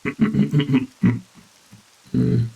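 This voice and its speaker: A man's voice: mid-range voice, flat delivery, very slow, creaky, dark tone. A man streaming a theme-park building game, chatting casually with lots of fillers and the odd swear. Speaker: gaming streamer. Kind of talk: casual gameplay commentary. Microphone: desktop mic.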